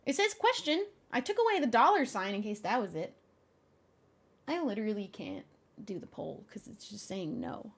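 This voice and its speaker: A young woman streamer chats casually with her audience, her pitch sitting a little high and bouncing all over. She sounds exasperated one moment and laughing the next. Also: normal speed, long pauses. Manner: animated, exasperated, laughs often. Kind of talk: casual live-stream chat.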